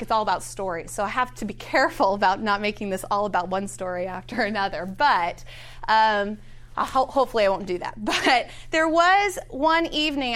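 Animated woman giving a talk. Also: on the high side. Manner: animated storyteller, chuckles between phrases; conversational with frequent fillers. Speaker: speaker at a Christian gathering. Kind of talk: teaching talk with an opening prayer. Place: in front of a live audience.

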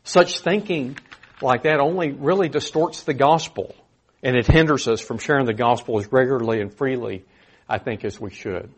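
A man preaching a sermon with a slightly husky, breathy voice at an average pitch. He talks in an earnest, conversational way and leans into animated emphasis. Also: moderate pace.

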